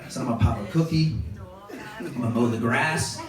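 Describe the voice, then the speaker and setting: A man's voice: medium pitch, fairly quick, crowd noise. A man performing stand-up comedy on a club stage, telling a story animatedly and acting out the quoted voices. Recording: distant mic, roomy echo, audience noise. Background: audience laughter.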